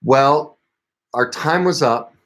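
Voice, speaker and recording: A man's voice: slow pace, a bit bright. A man, a parenting coach, telling the story of a client session and acting out both sides of the dialogue. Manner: retells dialogue, rising in pitch when quoting himself. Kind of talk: storytelling talk about a client case.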